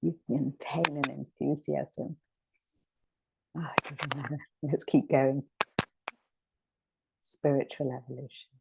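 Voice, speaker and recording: A woman's voice: a bass voice, fairly even intonation, slow, vocal fry, long pauses, a little mellow, slight background noise, low-quality recording. A woman teaching a scripture discussion class, reflective and returning again and again to key words. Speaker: spiritual teacher.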